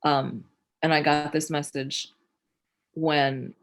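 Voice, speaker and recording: A middle-aged woman from New Jersey, a filmmaker guest in a candid interview, blunt and quick to swear, acting out the people in her stories. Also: sits low. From Newark, New Jersey, USA. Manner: blunt, swears freely, animated storytelling with voiced quotes.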